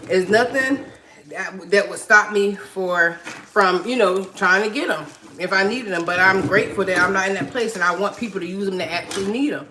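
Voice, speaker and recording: A woman's voice: medium pitch, normal speed, bright, forceful tone, low-quality recording. A woman, chatting casually on a livestream, laughing often and reading viewer comments aloud. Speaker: livestream host. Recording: clicking noise in background.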